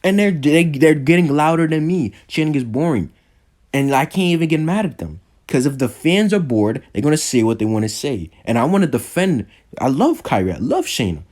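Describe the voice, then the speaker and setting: A young man casually reviewing a wrestling show, rambling with lots of fillers and restarts, and jumping up in pitch when he gets exasperated. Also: big pitch swings, fairly quick, darkish tone. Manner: jumps high when exasperated. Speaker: wrestling podcast host.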